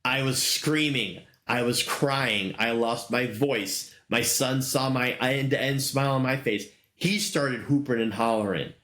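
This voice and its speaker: A man's voice: mid-range voice, unhurried, few pauses, a bit bright. A middle-aged man hosting a casual solo talk show, rambling enthusiastically with many fillers. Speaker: podcast host. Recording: roomy echo.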